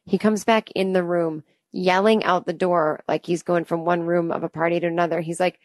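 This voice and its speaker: Woman, 30s, podcast host, comic storytelling, exasperated, rambling, lowish voice, dry sound. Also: fairly even intonation, a little fast, few pauses, no room sound. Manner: exasperated, rambling and self-deprecating. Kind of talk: comedic storytelling monologue.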